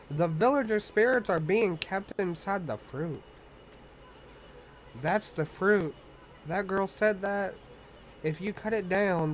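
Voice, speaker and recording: A man's voice: sits high, slight background noise, poor audio. A man voicing a boastful tiny male wandering artist, reading game dialogue aloud in a brash, cocky manner. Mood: chatty.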